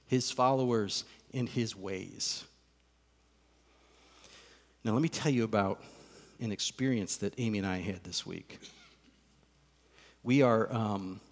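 A middle-aged male pastor telling a story from the pulpit in a lively, conversational way. His mid-pitched voice carries through a large hall with a long reverb. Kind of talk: sermon with personal storytelling.

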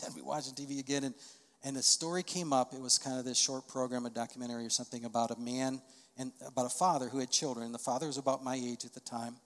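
Middle-aged guy preaching, mid pitched voice, long hall echo, builds up loud when he drives a point home. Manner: storytelling, swells to emphatic loud peaks. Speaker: pastor. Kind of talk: sermon. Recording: long reverb of a large hall.

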